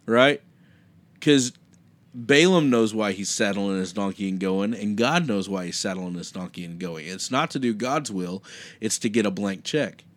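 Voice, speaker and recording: A man co-hosting a podcast and preaching, telling a Bible story in a casual, animated way and acting out the quotes. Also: fairly low pitch, moderate pace.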